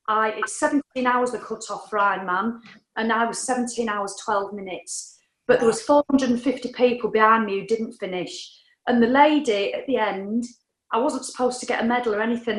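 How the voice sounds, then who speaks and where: A woman's voice: a little high, a bit bright. Chatty, frank woman. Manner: chatty, frank, swears casually. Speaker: podcast guest. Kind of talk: candid storytelling. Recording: echoey room.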